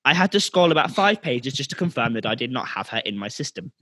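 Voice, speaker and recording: Animated young man reading a story. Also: medium pitch, fast talker, no room sound. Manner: rambling, self-mocking, laughs often. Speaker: podcast co-host. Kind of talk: reading a story aloud with voices.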